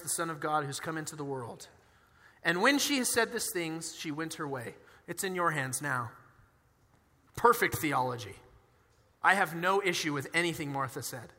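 A man's voice: a little high, normal speed, sharp tone. Impassioned male pastor, reverberant church hall. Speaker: pastor preaching a sermon. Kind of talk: sermon. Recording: long hall reverb with music behind.

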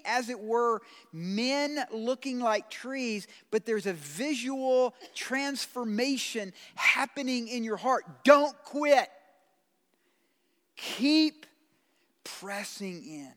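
A man preaching a sermon as pastor, blunt and conversational, swinging from loud pleading to quiet. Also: extremely high pitch, animated, slow pace, hardly any pauses. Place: church sanctuary. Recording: long hall reverb.

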